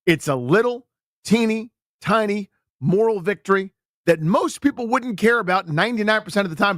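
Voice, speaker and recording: A man's voice: high-pitched, no echo. A male sports radio host telling stories in casual, playful banter into a studio mic. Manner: playful, storytelling, animated.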